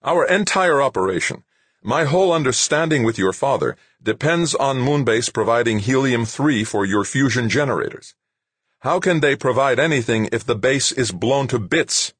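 A man's voice: on the high side, huge pitch swings, a little slow, hardly any pauses, breathy edge, no room sound, pitched above the performer's own voice, full character voice. A man voicing an imperious middle-aged corporate chairman who talks in a demanding, harsh, snapping way. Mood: angry.

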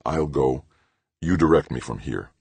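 A man's voice: lively intonation, unhurried, vocal fry, a little mellow, slightly rough, dry recording, full character voice. A man doing a stubborn, grim protector. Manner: firm, insistent, low and final. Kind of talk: audiobook character voice.

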